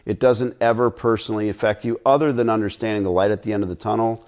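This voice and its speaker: A man's voice: fairly low pitch, steady tone, fast talker, a little mellow. A middle-aged man chatting bluntly and ramblingly as a guest on a live stream Q&A.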